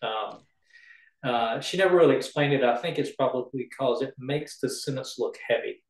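Male writing coach, mid pitch, chatty and example-driven, roomy echo. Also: normal speed. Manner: chatty, explains with homey examples. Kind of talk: casual teaching chat.

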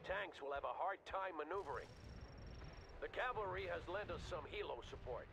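An actor playing an authoritative American colonel giving orders in a war game. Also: male voice, sits high, lively intonation, moderate pace, vocal fry. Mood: commanding. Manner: curt, authoritative. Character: bold commanding male American colonel. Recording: game audio over game music.

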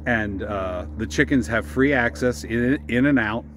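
A man's voice: medium pitch, a little slow, slight background noise. A man from the Mid-Atlantic US, walking around a backyard chicken coop while vlogging casually, a bit out of breath, with lots of fillers and restarts. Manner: rambling, with many fillers and restarts. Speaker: homesteading vlogger.

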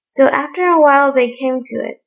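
High, gravelly woman reading a bedtime story. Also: normal speed, poor audio. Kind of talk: read-aloud bedtime story.

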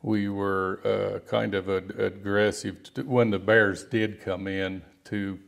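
A middle-aged man, a rancher and outfitter, telling stories in an interview in a halting, rambling way with many restarts. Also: lowish voice, little pitch movement, vocal fry. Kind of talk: storytelling interview guest.

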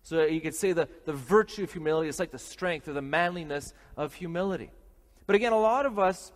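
A man from Canada giving a morning homily as a priest, lively and joking, with many restarts. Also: on the high side, fast. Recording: long hall reverb.

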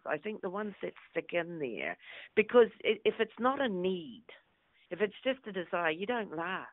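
Middle-aged New actress, storyteller guest, dry tinny phone-quality audio. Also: female voice, fairly low pitch, no echo. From New Zealand. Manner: lively anecdotal, acts out quotes. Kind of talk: interview storytelling.

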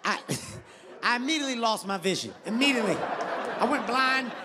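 A man telling animated stand-up stories on stage, acting out voices and shouting. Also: extremely high pitch, a little fast, a loud crowd, very noisy. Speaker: stand-up comedian. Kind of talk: stand-up comedy storytelling. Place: large theater stage with audience.

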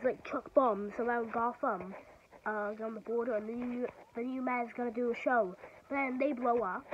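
A woman vlogger excitedly rambling through a film recap from memory, full of filler words. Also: high voice, lo-fi sound, slight background noise.

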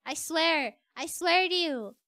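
A woman streamer with a very high, bright voice, chatting through gameplay in an unhurried way. She is excitable, coaxing and pleading, and she talks to an animal as if it were a pet. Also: dry recording. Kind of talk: casual gameplay commentary.

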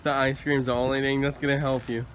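A man's voice: medium pitch, flat delivery, fast, a little hiss or hum, low-quality recording. A man filming his friend, talking casually in a laid-back, teasing way. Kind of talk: casual chat.

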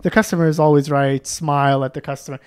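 A man's voice: on the high side, fairly even intonation, fast talker, a little mellow, clean tone. A man on a podcast chatting casually with a wry, matter-of-fact manner. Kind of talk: casual chat.

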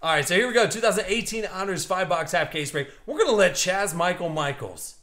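A man in his thirties hosting a live card break stream, excited and joking with viewers. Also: sits high, a little fast. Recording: echoey room.

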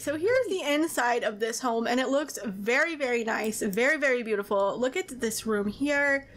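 A YouTuber with a voice on the high side gives casual gameplay commentary, gushing and excitable. She gasps and exclaims frequently.

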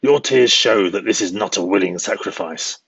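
A man's voice: lowish voice, moderate pace, gravelly, a bit bright, slightly rough, no echo, highs cut off, heavily acted. A man reading as a fierce, mocking eagle. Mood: demanding. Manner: mocking, demanding. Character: fierce proud male eagle, mocking and angry.

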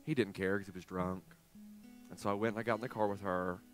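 A pastor in his forties preaching a sermon, telling a personal story with animated swings from hushed to loud. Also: on the low side, quick pace, soft background music. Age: 40s. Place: church sanctuary.

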